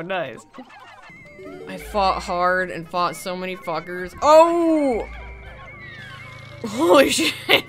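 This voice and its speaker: Excitable, foul-mouthed woman gamer. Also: on the low side. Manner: excitable, profane, talks to game characters, laughs often. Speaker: gaming video creator. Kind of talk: casual gameplay commentary.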